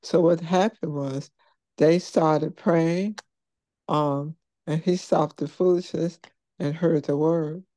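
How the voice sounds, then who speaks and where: A church group member sharing a quick testimony in a chatty, casual way, laughing along. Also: medium pitch, steady tone, dark tone, dry recording.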